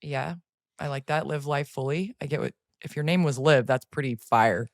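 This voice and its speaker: Woman, 40s, podcast host; low-ish voice, playful and animated, dry close studio sound. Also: normal speed, dry recording. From United States. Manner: playful, laughs easily, animated storytelling. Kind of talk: casual podcast chat.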